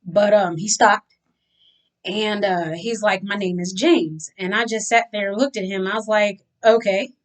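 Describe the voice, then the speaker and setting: A mid-range-voiced vlogger from Louisiana tells a personal story straight to her viewers, chatty and unhurried. It's candid storytelling to camera, and her retelling turns animated as she acts out dialogue in the voices of the people involved.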